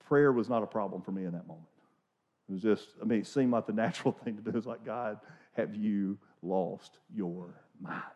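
Animated storytelling pastor, dull audio. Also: male voice, mid-range voice. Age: 40s. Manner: animated, conversational storytelling with restarts. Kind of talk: sermon. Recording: dull lo-fi recording.

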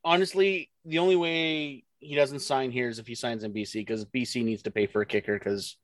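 A man's voice: medium pitch, steady tone, brisk, dry recording. A man co-hosting a sports podcast, blunt and joking, acting out quotes as he talks. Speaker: podcast co-host. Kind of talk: casual sports chat.

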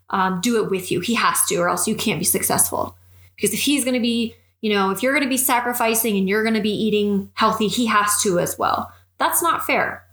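A woman's voice: medium pitch, fairly bright tone. A woman fitness and nutrition coach giving advice in an earnest, encouraging way and acting out little bits of dialogue. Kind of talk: advice monologue. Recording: echoey room.

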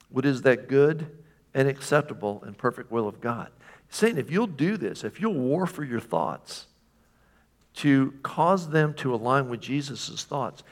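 Guy pastor preaching, chatty, keeps asking the crowd questions. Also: mid-range voice. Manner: conversational, asks the congregation questions. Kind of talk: sermon.

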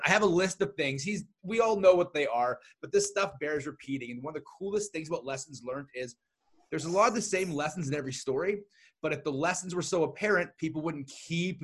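A man hosting a podcast, talking casually and enthusiastically with his guest. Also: on the high side. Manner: enthusiastic, laughs along. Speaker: podcast host. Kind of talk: casual interview chat.

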